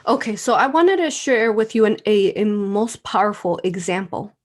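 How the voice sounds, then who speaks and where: Woman, spiritual live stream host, emotional and heartfelt, medium-pitched voice, lots of soft fillers. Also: lively intonation, normal speed. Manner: emotional, tearful at times, with soft laughs and many fillers. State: tearful.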